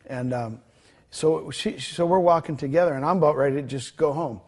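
A man with a slightly high voice speaks a little fast as a guest in a conversational interview. He tells a ministry testimony, retelling the dialogue with many fillers and restarts.

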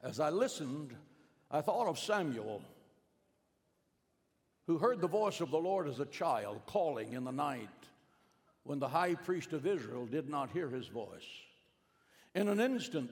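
Middle-aged male preacher, storytelling sermon, hushed-to-emphatic swings, slightly raised pitch, echoing in a big hall. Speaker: pastor. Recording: long hall reverb.

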